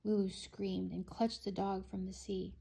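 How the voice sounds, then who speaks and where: A woman, a mother, reading a children's chapter book aloud in an expressive, unhurried way. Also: mid-range voice, gravelly, slightly rough.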